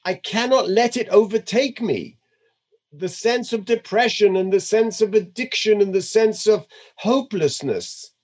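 A man giving a conversational Torah lecture, weaving Hebrew terms into his English with an animated delivery. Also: high voice, a little slow. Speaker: religious teacher.

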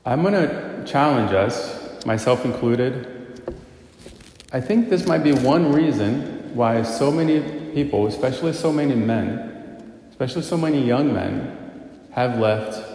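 Gravelly-voiced man preaching in echoey hall. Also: mid-range voice, expressive, unhurried, a little mellow, slight background noise. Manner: earnest, storytelling, rhetorical questions. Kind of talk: sermon. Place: church.

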